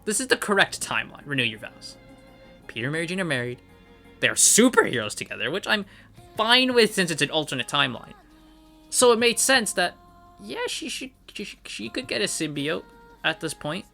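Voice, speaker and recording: A man's voice: sits high, sing-song, moderate pace, creaky, sharp tone, faint music behind. A man reviewing comics in an angry, profane rant, repeating his points for emphasis. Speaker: comic book commentator. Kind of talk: ranting review.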